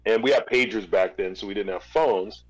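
A man in an interview, casually telling a long story with relaxed restarts. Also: on the low side, moderate pace, dry recording, poor audio. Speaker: interview guest, former record label executive.

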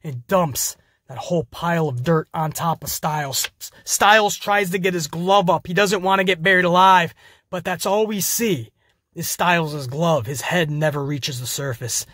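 Podcast host, high voice, dry sound, excitable and swears freely. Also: male voice, normal speed, no room sound. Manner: energetic, profane storytelling. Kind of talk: casual wrestling show review.

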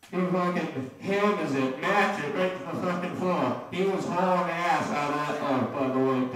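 A man doing a stand-up set, rambling and profane, laughing at his own jokes. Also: fairly high pitch. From Maine. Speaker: stand-up comedian. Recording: echoey room, distant mic, faint noise.

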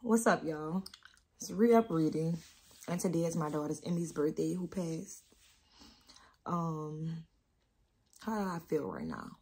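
New mom vlogging, low husky voice, rambling and candid. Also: female voice, very animated, mellow. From New Orleans. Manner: candid, rambling, slow with many pauses. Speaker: vlogger, mother. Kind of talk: emotional casual vlog talk.

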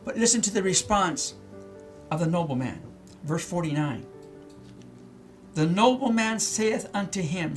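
Slow-speaking pastor teaching a Bible chapter. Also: male voice, sits high, expressive, faint music behind. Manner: reads verses then explains them, with many repeats and questions to the listeners.

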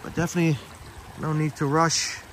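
Male stream host, slightly high voice, relaxed outdoor walk-and-talk, light street ambience. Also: brisk, a little hiss or hum. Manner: chatty, reads viewer comments aloud by name. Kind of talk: casual live-stream walk chat. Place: outdoors in a park, walking. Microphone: phone on a live stream.

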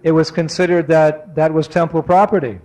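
A man with a fairly high voice gives a devotional talk, telling a personal story. He acts out remembered moments with animation, then eases into softer, slower reflection. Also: steady tone, a little hiss or hum, low-quality recording. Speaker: spiritual teacher giving a talk.

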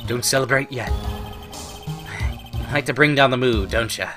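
A man's voice: medium pitch, moderate pace, close to an everyday voice. A man voicing an earnest, encouraging young female assistant, reading game dialogue aloud over game music. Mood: pleading. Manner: pleading, encouraging.

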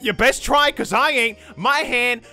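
A man putting on the voice of a bitter, self-pitying young man who rants in a slow, exasperated drawl. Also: extremely high pitch, bright, forceful tone, soft background music, full character voice.

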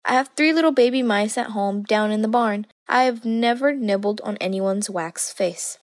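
A frightened little mother mouse pleads softly for her life, as a woman reading aloud puts her on. The voice sits at a middle pitch, and the storybook reading is recorded close and dry, with no room sound. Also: moderate pace, no room sound, lightly acted. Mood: pleading.

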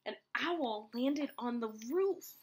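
A woman teacher reading a picture book aloud to children, expressive and talking to them as friends. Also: sits high, takes it slowly. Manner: expressive, addresses listeners as friends.

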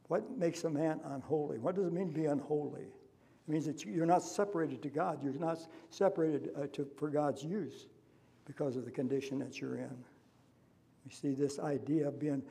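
A man's voice: a little high, vocal fry, dark tone. A man preaching a sermon as pastor, impassioned and full of rhetorical questions, in a church. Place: church sanctuary.

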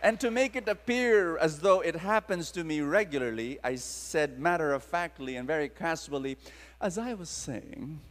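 An animated Filipino preacher tells stories dramatically to a live crowd in a large hall with long reverb, drawing the audience in. His male voice is a little high and runs at normal speed with hardly any pauses.

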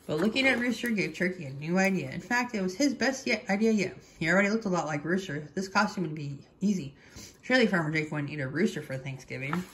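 A woman reading a children's picture book aloud in an animated, expressive storytelling manner. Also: on the low side, quick pace, slight background noise. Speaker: storybook reader.

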